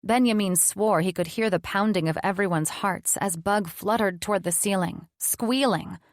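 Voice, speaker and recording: A woman narrating a fantasy romance audiobook in an even, measured storytelling style. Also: medium pitch, no room sound, clean studio sound.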